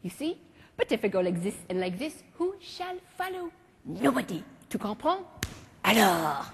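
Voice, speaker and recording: A woman impersonating an older male French mime master with a French accent, instructing a student slowly and precisely, heard in a large reverberant hall. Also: medium pitch, very animated, breathy edge, exaggerated voice. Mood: instructive. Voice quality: slow, precise, accented delivery with French words.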